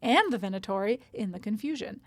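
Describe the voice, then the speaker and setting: A woman reading aloud the brisk notes of a calculating female spymaster in her own voice. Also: mid-range voice, lively intonation, dry recording, close to an everyday voice. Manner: plain read-aloud of a letter.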